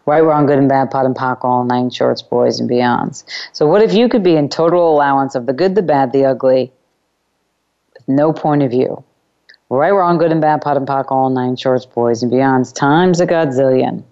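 Low-voiced woman hosting a self-help show. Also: moderate pace, warm tone, lo-fi sound. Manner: repeats chanted clearing phrases. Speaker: call-in radio show host. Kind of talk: self-help call-in talk.

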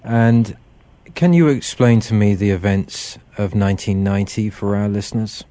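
A man hosting an interview, asking questions in a measured, polite way. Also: lowish voice, warm tone, no echo. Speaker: host.

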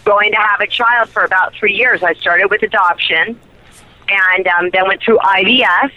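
A woman's voice: mid-range voice, moderate pace, sharp tone, no echo. A woman, an actress guest, telling a personal story in a chatty, giggly way with lots of fillers, heard over a phone line. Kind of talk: casual chat.

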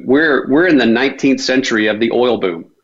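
A man in his forties speaking as a panel guest in a measured, explanatory way. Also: medium pitch. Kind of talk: discussion talk. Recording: dull lo-fi sound.

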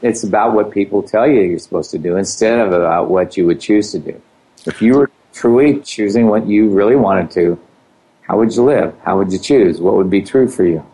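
A man co-hosting a casual talk show, agreeing easily and speaking in a relaxed, even way. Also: fairly low pitch, brisk, breathy edge, low-quality recording. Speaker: co-host. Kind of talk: casual conversational chat.

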